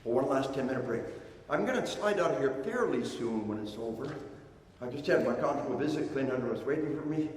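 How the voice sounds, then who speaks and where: A man's voice: mid-range voice, lively intonation, a little fast, darkish tone, distant mic. Older man lecturing in an echoey hall. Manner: folksy and commanding, calls the audience "folks". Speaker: seminar speaker. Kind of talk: live seminar lecture, leading a breathing drill.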